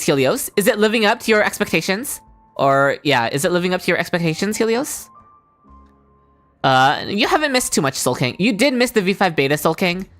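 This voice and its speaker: A woman's voice: on the low side, fairly bright tone. A woman streaming a game, chatting casually and answering her chat.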